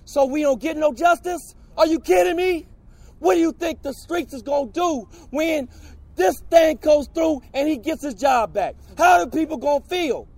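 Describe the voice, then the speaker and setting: A man gives an angry, shouted protest speech, repeating his questions. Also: very high-pitched, moderate pace, no room sound. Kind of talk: impassioned public speech.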